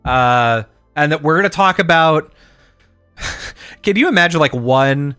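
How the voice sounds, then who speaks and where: A man's voice: a little high, lively intonation, a little slow, sharp tone, smooth, no room sound, soft background music. A man co-hosting a casual podcast, telling stories and acting out quotes while swearing. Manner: storytelling with acted-out quotes, profane. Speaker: podcast co-host. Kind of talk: casual chat.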